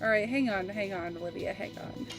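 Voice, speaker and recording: A woman's voice: mid-range voice, a little fast. Chatty woman streamer over game music. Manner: chatty and reminiscing, laughs easily. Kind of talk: casual gaming stream chat.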